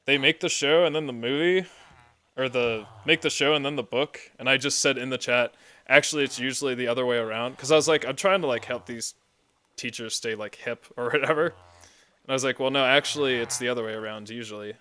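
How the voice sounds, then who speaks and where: A man playing a building game chats casually, wandering into side stories and using plenty of fillers. His medium-pitched voice is fairly quick and sharp in tone.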